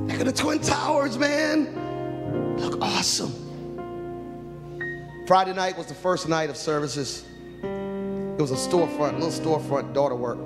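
Speaking in a large hall, a man with a medium-pitched voice delivers a sermon that moves between quiet pleading and loud cries. He prays aloud and shares stories from his time in ministry.

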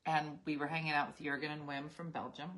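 A woman hosting a casual chat, telling stories with lively acted-out quotes. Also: low voice, fairly quick. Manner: lively storyteller acting out quotes. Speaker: host.

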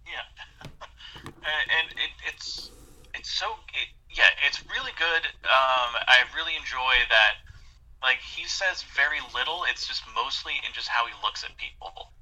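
A man's voice: medium pitch, animated, unhurried, bright, forceful tone, poor audio. A man co-hosting a podcast, talking thoughtfully about movies in a hesitant way, full of "like" and "um.". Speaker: podcast co-host. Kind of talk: casual movie discussion.

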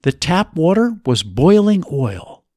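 Man, audiobook narrator, expressive storytelling, slightly high voice, very lively melody, dry close sound. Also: slow pace, dry recording.

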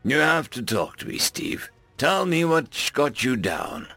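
A man voicing a calm, caring furry alien woman who is an ambassador, speaking slowly and soothingly. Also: mid-range voice, gravelly, no echo, faint music behind, heavily acted. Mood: gentle.

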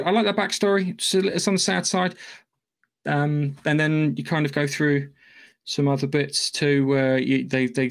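A man talks through a film's story on a podcast, rambling and casual. He swears freely as he goes, and his voice sits at an ordinary middle pitch. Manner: rambling, loose and profane storytelling. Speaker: podcast host. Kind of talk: casual podcast plot recap.

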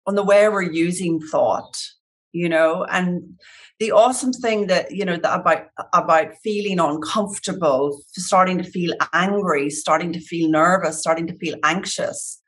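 A woman acting as coach, reflecting back what she heard in a calm, gentle way. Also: on the low side, moderate pace. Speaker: coach or facilitator.

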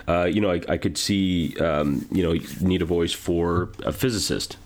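A man talking as a guest on a voice-acting podcast, rambling with many fillers and pauses. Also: deep voice. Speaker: guest voice actor. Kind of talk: casual podcast chat.

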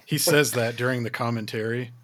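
Husky podcast guy, swears a lot, laughs through his stories. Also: mid-range voice, fairly even intonation, fairly bright tone. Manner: laughing, profane storytelling with quick impressions. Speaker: podcast host. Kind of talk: casual podcast chat.

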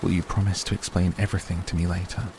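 A man's voice: low-pitched, flat delivery, fast. Guy doing a stubborn teen girl, argues hard, rain noise in the back. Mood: demanding. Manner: insistent, argumentative. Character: teenage girl, stubborn and dazed.

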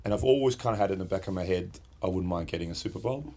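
A man co-hosting a podcast rambles and jokes through a casual chat about guitar pedals. His voice is low and mellow, and he talks at a racing pace in a chatty way.

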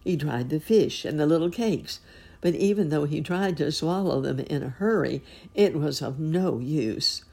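Woman with a low, gravelly storytelling voice. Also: expressive, unhurried, darkish tone. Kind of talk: storybook reading.

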